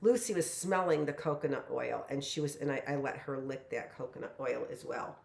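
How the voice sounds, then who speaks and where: A woman's voice: very deep voice, fairly quick, creaky, a little mellow, roomy sound. A woman in her late fifties giving a rambling, chatty live lesson from her home kitchen. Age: 50s. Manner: rambling, chatty, lots of "you know". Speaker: teacher. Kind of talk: casual live-stream lesson.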